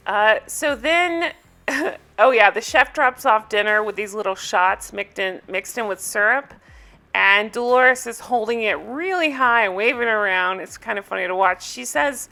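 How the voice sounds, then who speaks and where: A woman's voice: medium pitch, moderate pace, creaky, bright, forceful tone. A woman recapping a reality TV episode in casual, amused chat, with frequent ums.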